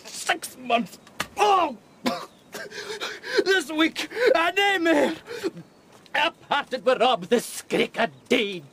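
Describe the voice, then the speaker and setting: Frightened prisoner, radio drama; very high, swooping, pleading voice. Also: male voice, expressive, drawn-out words, gravelly, long pauses, a bit bright, a little hiss or hum, exaggerated voice. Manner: pleading, wailing, speaks of himself as "she". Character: frightened Highland man captured as a spy.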